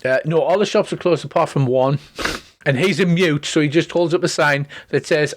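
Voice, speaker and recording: A man narrating and chatting as game master of a tabletop game, relaxed and joking with many ums and restarts. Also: fairly high pitch, normal speed. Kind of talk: running a tabletop game over voice chat.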